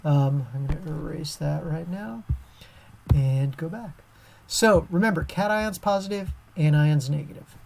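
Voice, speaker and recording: Casual woman science teacher, somewhat low-pitched, chatty with fillers, recorded over her screen. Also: unhurried, vocal fry, darkish tone, a little hiss or hum.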